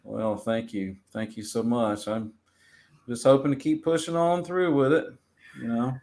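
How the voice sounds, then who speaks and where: Relaxed, rambling male musician guest. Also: mid-range voice, unhurried. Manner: relaxed, rambling, many fillers. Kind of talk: casual interview.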